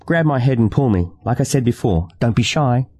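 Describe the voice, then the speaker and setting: A man's voice: mid-range voice, expressive, fairly quick, warm tone, dry recording, pitched above the performer's own voice, natural voice. A man voicing a bold, teasing woman. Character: bold, uninhibited adult woman.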